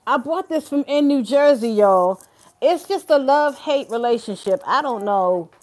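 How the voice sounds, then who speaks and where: A woman's voice: high-pitched, expressive, a little slow, darkish tone. A young woman and mother chatting casually to her viewers at home, often calling them "y'all". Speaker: vlogger and mother. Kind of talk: casual chat to camera. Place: home kitchen.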